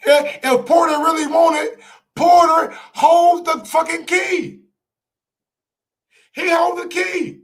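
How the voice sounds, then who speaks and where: Fired-up high-voiced man ranting. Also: fairly even intonation, slow pace, long pauses. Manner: fired-up, profane, repeats himself for emphasis. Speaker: sports show host. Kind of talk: heated live-stream rant.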